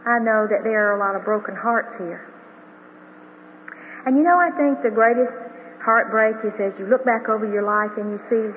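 An older woman with a high-leaning voice and a little hiss or hum gives an earnest religious testimony as a grandmother. She tells her story heartfelt before a large audience in a hall. The recording is a tinny broadcast with reverb.

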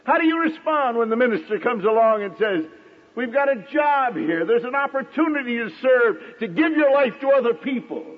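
Husky-voiced preacher in full sermon flow. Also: male voice, extremely high pitch, animated, in a large hall, narrow, tinny audio. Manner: dramatic pauses, acts out quoted voices.

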